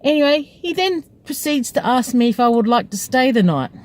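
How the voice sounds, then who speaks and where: A woman's voice: sits high, animated, normal speed, rough recording. A woman, a taxi driver, telling a story from her night in a casual, chatty way and breaking into laughter often.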